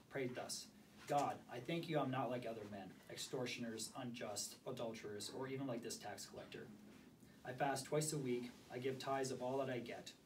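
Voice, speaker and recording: A man with a hoarse voice giving a sermon to a small group, reading scripture aloud and asking for volunteers. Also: mid-range voice. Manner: asks the group questions, reads scripture aloud. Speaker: preacher. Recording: distant mic with faint background noise.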